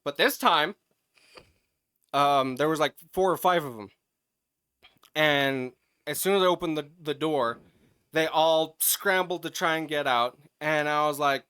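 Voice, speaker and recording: Bright, crisp-voiced podcast guy. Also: on the high side, measured pace, long pauses, no echo, clean studio sound. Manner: animated, profane, swings into loud yelling when retelling. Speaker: podcast co-host. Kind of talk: casual chat, storytelling.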